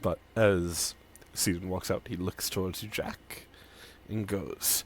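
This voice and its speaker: A man narrating as game master of a tabletop role-playing game, telling the scene in a relaxed storytelling way. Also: low voice, takes it slowly.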